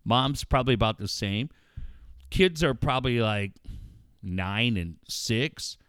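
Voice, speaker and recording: A man's voice: medium pitch, slow, clean tone, no room sound, clean studio sound. A middle-aged man telling a story in casual, profane podcast talk, acting out the voices of the people in it. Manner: profane, animated storyteller who acts out voices.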